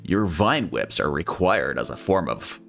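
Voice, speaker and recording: A man voicing a solemn, long-winded male mage creature in a comic read-along, speaking in slow, measured, formal lines. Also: very deep voice, big pitch swings, creaky, fairly bright tone, soft background music, voice pushed down, full character voice.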